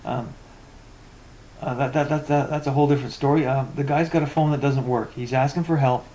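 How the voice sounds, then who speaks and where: A man's voice: mid-range voice, steady tone, brisk, mellow. A man ranting in a vlog about poor tech support, reading forum posts aloud with sarcastic, exasperated comments and many stammered repetitions. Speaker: tech vlogger.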